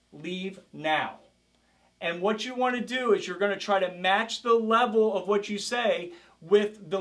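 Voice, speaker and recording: A man's voice: high voice, fairly bright tone. A man teaching a self-defense class as karate instructor, coaching a group with energy and calling out drills. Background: group of participants.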